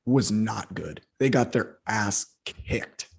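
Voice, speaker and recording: A hoarse man co-hosting a football podcast, ranting in heated, profane casual chat. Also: fairly low pitch, expressive, slow. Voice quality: husky. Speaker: football analyst co-host.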